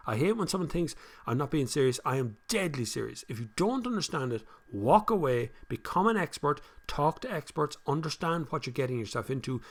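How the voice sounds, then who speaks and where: An older man with a Kildare Irish accent, hosting a casual live stream, reading viewer comments and giving blunt, animated advice. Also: medium pitch. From Ireland.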